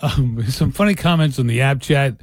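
A man hosting a radio show, relaxed and reading out listener comments. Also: mid-range voice, normal speed, no echo, studio quality. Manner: relaxed, reads listener comments, laughs easily. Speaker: radio host. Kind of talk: casual radio banter.

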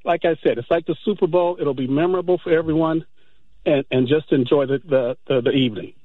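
A man's voice: on the high side, fairly quick, no room sound. Man calling in over a tinny phone line. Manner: earnest, folksy sports analogies. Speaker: caller. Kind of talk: phone-in chat.

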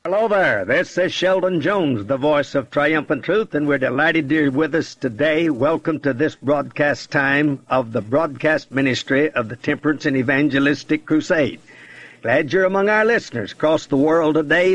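A man preaching a radio sermon in an oratorical, emphatic way, piling up lists of words. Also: a little high. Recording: dull lo-fi radio broadcast.

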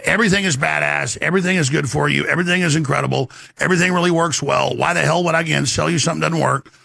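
A man hosting a talk show, delivering an emphatic rant and sales pitch with sudden swings in pitch. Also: rapid-fire, gravelly, pushed and bright, dry recording.

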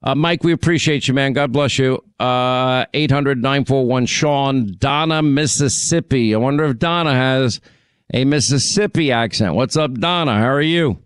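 A man's voice: medium pitch, moderate pace, smooth, no room sound, studio quality. A middle-aged man hosting a call-in radio show, chatting with callers, reminiscing and teasing them about their accents. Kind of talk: casual call-in chat.

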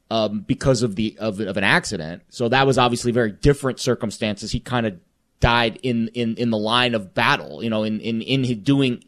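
A man co-hosting a sports talk show, speaking reflectively with rambling, halting phrasing. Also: mid-range voice. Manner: rambling, many fillers and restarts, reflective. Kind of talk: casual sports chat.

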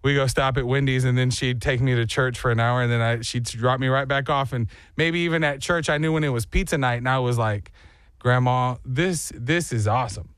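A man hosting a morning radio show, telling stories in a lively way and acting out the voices of people he quotes. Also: mid-range voice, brisk, hardly any pauses, clean tone, dry recording. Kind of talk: casual morning show chat.

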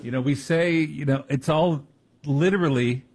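A man's voice: a little high, normal speed, a little mellow, husky. A man co-hosting a talk radio show, rambling and hesitant in casual banter. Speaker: radio co-host.

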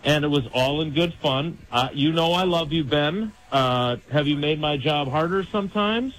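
A man's voice: a little high, moderate pace, fairly bright tone, poor audio. Rambling middle-aged man calling in. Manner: rambling, self-mocking, joking. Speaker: radio show caller. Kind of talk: casual call-in chat. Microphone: phone hotline.

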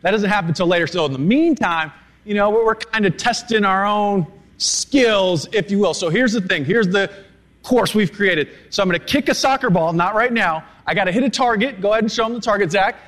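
An energetic male field correspondent reporting live from outdoors at a sports event. His voice is notably high for a man, and he talks in a chatty, upbeat way. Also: fairly quick.

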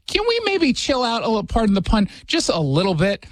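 Sarcastic high-voiced man host. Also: wildly swooping pitch, dry recording. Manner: sarcastic, joking, quick asides. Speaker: radio show host. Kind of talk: casual commentary chat. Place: radio studio.

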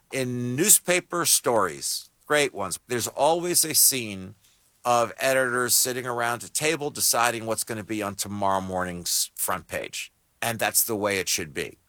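A man's voice: on the low side, sharp tone, no room sound. A screenwriter in his sixties being interviewed on radio, telling stories in a wry, storytelling way. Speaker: screenwriter guest.

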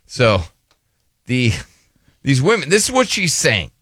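Animated man hosting crude radio banter. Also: medium pitch, slow, breathy edge, dry recording, studio quality. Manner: animated, crude joking storyteller. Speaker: radio show host. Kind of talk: casual radio talk show banter.

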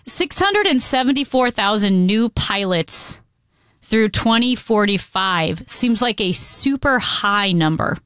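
Smooth-voiced woman co-hosting radio. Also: medium pitch, lively intonation, slow pace, a bit bright, dry recording. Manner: teasing, chatty. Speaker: radio show co-host. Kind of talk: casual radio talk.

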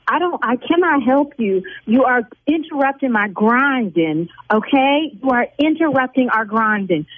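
Husky salon owner lady on the phone, fired up and blunt, thin phone sound. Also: high-pitched, no echo. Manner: indignant, quick to flare up, blunt. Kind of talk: heated phone argument. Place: busy beauty salon. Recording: tinny phone line.

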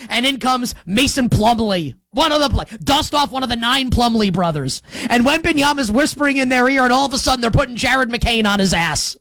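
A man's voice: animated, fairly quick, hardly any pauses, fairly bright tone. Guy ranting on a sports show, sarcastic and punchy, dry close sound, no room echo. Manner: sarcastic, emphatic, with big swings in pitch and pace. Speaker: sports talk show host. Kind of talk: opinionated sports commentary.

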